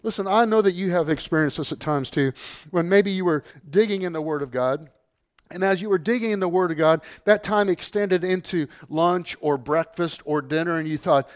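Emphatic male preacher, fairly high voice. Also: normal speed. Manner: emphatic, swings between low and raised voice. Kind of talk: sermon.

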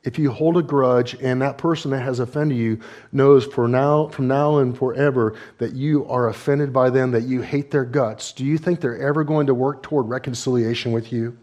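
A man preaching a sermon as pastor, emphatic and full of rhetorical questions, rising and falling sharply in pitch and loudness and slowing down to stress key words. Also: fairly even intonation.

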